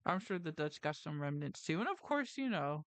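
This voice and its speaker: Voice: mid-range voice, sing-song, fairly quick, fairly bright tone, clean tone, dry recording. A livestream host around thirty who talks casually in a round, mouthful, slightly mumbled way, wandering off on tangents and correcting themselves. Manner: tangent-prone, self-correcting, frequent "like" and "you know". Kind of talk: casual rambling chat. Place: lives in New Jersey.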